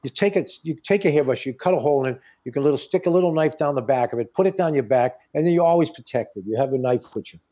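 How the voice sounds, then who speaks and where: Dark husky man, rambling and jokey. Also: on the high side, fast, few pauses. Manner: rambling, jokey, repeats himself. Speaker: advice-giving show guest. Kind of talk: casual chat. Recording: dull lo-fi sound.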